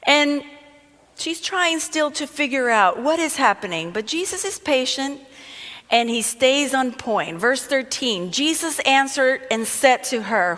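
A woman's voice: high voice, animated, unhurried, a bit bright. A woman reading a Bible passage aloud and explaining it in a conversational, storytelling way. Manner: reads scripture then explains it conversationally. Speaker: Bible teacher. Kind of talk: sermon with scripture reading. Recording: long hall reverb.

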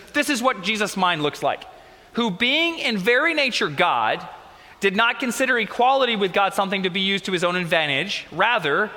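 A man's voice: high voice, pushed and bright, in a large hall. A man preaching a sermon as pastor, telling earnest, emotional stories with repeats and restarts. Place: church sanctuary.

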